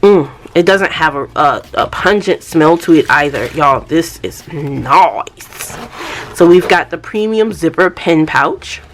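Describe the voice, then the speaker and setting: Woman, slightly low pitch, chatty unboxing vlog, talks to viewers as y'all. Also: normal speed, hardly any pauses, a little hiss or hum. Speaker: planner unboxing vlogger.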